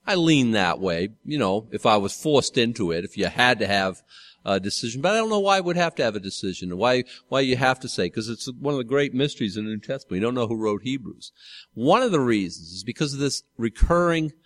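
A man's voice: lowish voice, no echo, studio quality. A man pastor teaching a Bible study sermon in a conversational way, often correcting himself and asking the congregation questions.

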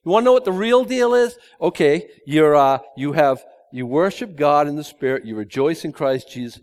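A man's voice: a little high, animated, a little fast, hardly any pauses. A man preaching a verse-by-verse sermon in a conversational way, with joking asides and emphatic repetition. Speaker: pastor. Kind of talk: expository sermon.

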